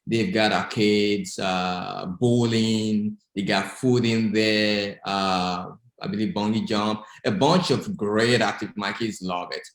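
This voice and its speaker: A man's voice: fairly low pitch, fairly even intonation, slow pace, few pauses, echoey room. A young adult man with a Nigerian accent, a physician talking as a guest in a casual interview, hesitant with many fillers.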